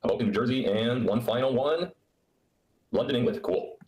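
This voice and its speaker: A man's voice: medium pitch, normal speed, darkish tone, reverberant, rough recording. A man hosting a live question-and-answer stream from his laptop, rambling and sarcastic as he chats to viewers. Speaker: livestream host. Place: indoor room on a trip. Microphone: laptop microphone.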